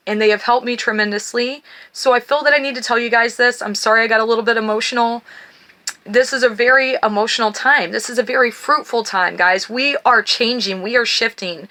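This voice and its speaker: A middle-aged woman hosts a spiritual card reading, her voice bright and clear. She talks to viewers in an earnest, personal way and reads blessings in a slow, gentle cadence. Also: a little high. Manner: reads blessings slowly, then talks warmly and emotionally to viewers. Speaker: tarot and oracle card reader.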